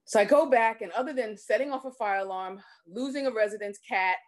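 A woman telling a personal story live, with expressive, self-deprecating delivery. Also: fairly high pitch, a little fast.

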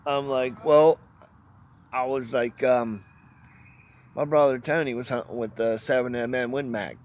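A male outdoors vlogger spins a loose, folksy hunting yarn, laughing frequently and letting out the odd mild curse in his plainspoken way. His voice sits at medium pitch with fairly even intonation, and he speaks at normal speed.

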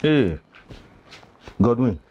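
An actor playing a grave, cautious male village elder with a Nigerian accent, who pleads slowly and speaks in proverbs. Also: medium pitch, very animated, dull audio, a little hiss or hum. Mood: solemn.

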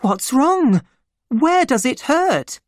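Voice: sing-song, takes it slowly, dry recording, clean studio sound, full character voice. A reader voicing a frightened grown half-sister who calls out in alarm, in a children's story. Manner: high and urgent.

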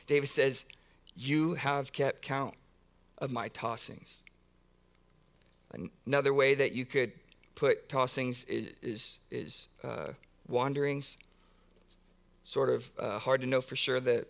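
A man's voice: mid-range voice, vocal fry. Earnest man preaching a sermon. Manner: earnest, repetitive build-ups with frequent restarts. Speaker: pastor. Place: church sanctuary.

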